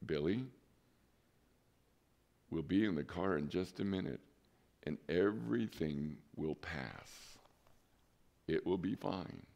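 A pastor putting on a worn-out young father who keeps his cool, talking himself down in a hushed, low, soothing tone. The voice sits a little deep and stays soft and steady. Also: takes it slowly, long pauses. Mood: calm, soothing. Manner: calm, quiet and low-voiced.

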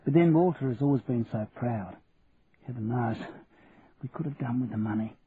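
A male narrator voicing a humble, kindly older woman, speaking softly in a raised voice, on a tinny radio recording with faint hiss. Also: mid-range voice, normal speed, natural voice. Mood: hushed. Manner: raised and soft-spoken.

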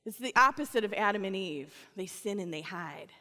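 A woman's voice: medium pitch, moderate pace. Woman pastor preaching in a reverberant hall. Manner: conversational, dips from animated to soft and hushed. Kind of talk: sermon.

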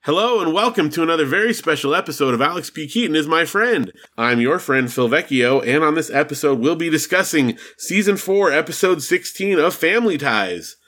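A man's voice: fairly high pitch, animated, a little fast, few pauses, fairly bright tone. A man hosting a podcast in casual chat, talkative and laughing easily. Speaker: podcast host.

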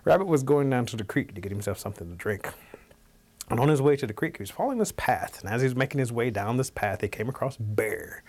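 A man telling a traditional animal folktale aloud, in a relaxed, animated, conversational way. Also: medium pitch, fast. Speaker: storyteller.

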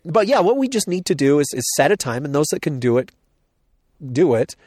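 A podcast co-host talking casually outdoors, rambling with frequent restarts. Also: male voice, a little high, very animated, fairly quick, darkish tone, dry recording, studio quality. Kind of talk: casual chat. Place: outdoors on a hill.

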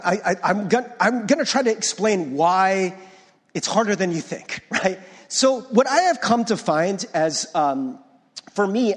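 High-voiced pastor in an echoing hall. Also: male voice, slightly rough. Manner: conversational, often checks in with "right?"; restarts and stumbles over words. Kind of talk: sermon.

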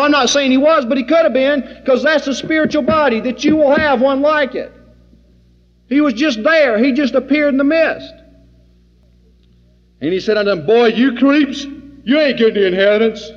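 A man teaching an informal sermon, folksy and animated, acting out the scenes he describes. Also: extremely high pitch. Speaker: Bible teacher. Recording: dull lo-fi recording in a reverberant hall.

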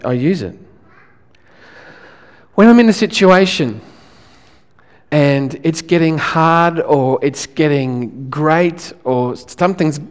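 A male pastor, preaching a sermon in a relaxed, conversational way, often restarting his phrases. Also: fairly high pitch, in a large hall.

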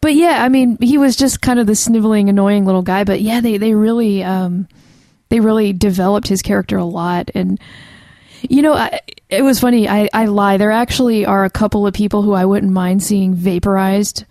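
Podcast co-host, female, mellow and chatty, dry close sound. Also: medium pitch, normal speed, no echo. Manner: chatty, frequent fillers and restarts. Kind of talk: casual chat.

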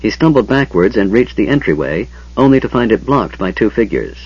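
A husky, low-pitched male voice narrates a fantasy audiobook, with an animated rise and fall in his pitch. The recording is dull and lo-fi, with the top end muffled. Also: fairly quick. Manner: expressive, dramatic storytelling.

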